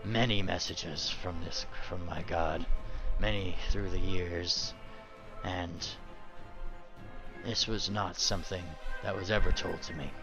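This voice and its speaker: Man doing a deep, gruff old-faith cleric, slow and grave, game voice. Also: steady tone, over music. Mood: solemn. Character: gruff devout beast-folk male cleric, solemn.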